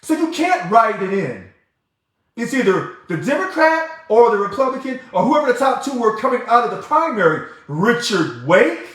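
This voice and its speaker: A man's voice: very high-pitched, big pitch swings, moderate pace, a bit bright. A man hosting a livestream and answering viewer comments in an emphatic, heated way. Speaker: livestream host. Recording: very echoey room.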